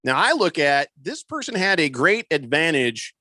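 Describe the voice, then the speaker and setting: A man's voice: on the high side, big pitch swings, moderate pace, sharp tone, dry recording. A man hosting a sports talk radio show in a studio, chatting casually with lots of fillers and restarts. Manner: conversational, rambling with many fillers. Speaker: radio host. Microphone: studio microphone.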